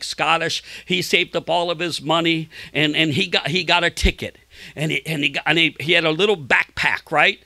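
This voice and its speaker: A man preaching a sermon with passion, repeating words and restarting often, acting out the people in his stories in a raised voice. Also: dry recording. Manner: acts out quoted voices in a much higher, louder tone. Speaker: pastor.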